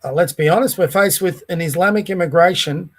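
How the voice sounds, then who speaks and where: A man's voice: high voice, fairly quick. A man co-hosting a podcast, making long, opinionated, rambling arguments. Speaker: podcast co-host. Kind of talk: casual podcast chat.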